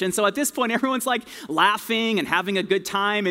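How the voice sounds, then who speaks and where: A man's voice: high voice, fairly quick, hardly any pauses, pushed and bright. A man preaching a sermon in a casual, conversational storytelling way, full of slang. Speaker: pastor. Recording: long hall reverb.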